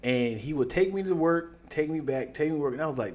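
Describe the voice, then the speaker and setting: Lively young man telling a story. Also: on the high side, a little fast. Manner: animated storyteller, slips into playful mock voices. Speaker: podcast co-host. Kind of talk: casual chat.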